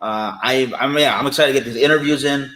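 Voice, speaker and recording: Male co-host, mid pitch, relaxed, upbeat and chatty. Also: fairly quick, poor audio. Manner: easygoing, enthusiastic. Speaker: podcast co-host. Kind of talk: casual podcast chat.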